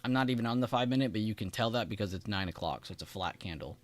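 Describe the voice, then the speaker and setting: Talking very fast and animatedly in a lowish voice with no echo, a man runs a live trading stream. He gives relaxed market commentary, laughs frequently, and speaks straight to the viewers in his chat.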